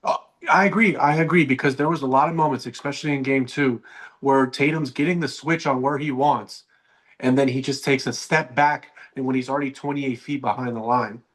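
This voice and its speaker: A man's voice: mid-range voice, fairly even intonation, fairly quick. Rambling young man co-host. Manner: rambling, with many restarts. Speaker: podcast co-host. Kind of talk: casual sports talk.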